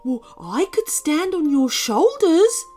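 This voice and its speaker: A woman's voice: high-pitched, very animated, takes it slowly, mellow, faint music behind, voice pushed up, full character voice. A woman voicing a clumsy, hungry, good-natured male bear who sounds bumbling and eager.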